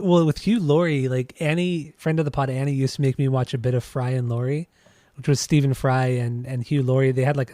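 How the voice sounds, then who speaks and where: A man co-hosting a podcast, chatting casually and enthusiastically about music, often rambling and restarting his sentences. His voice is mid-pitched and mellow, warm rather than bright. The recording is dry and close. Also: dry recording. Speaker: podcast co-host. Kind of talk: casual music review chat.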